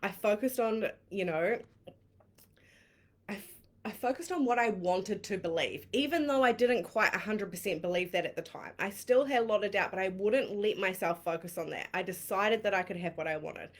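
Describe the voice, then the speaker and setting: A woman with a New Zealand accent, a coach telling her own story in a candid, excitable way, laughing often and swearing casually on a live stream. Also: mid-range voice, moderate pace. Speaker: manifestation coach.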